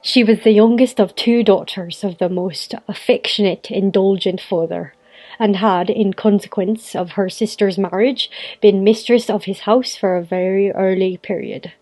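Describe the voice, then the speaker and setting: A woman's voice: mid-range voice, steady tone, normal speed, darkish tone, lightly acted. A young woman reading a classic novel aloud in a put-on Irish accent, evenly, like a storybook reading.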